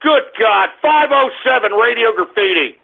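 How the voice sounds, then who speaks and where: A man hosting a radio show in a profane, combative rant, yelling in bursts. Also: extremely high pitch, animated, normal speed, creaky. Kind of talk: ranting call-in radio monologue. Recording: lo-fi phone-like radio audio.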